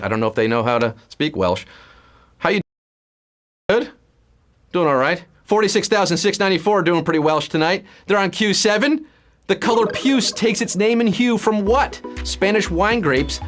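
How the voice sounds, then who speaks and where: Male quiz host, high voice, playful and punny, faint music behind. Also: moderate pace. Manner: playful, punning, lively hype. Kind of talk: live trivia game hosting.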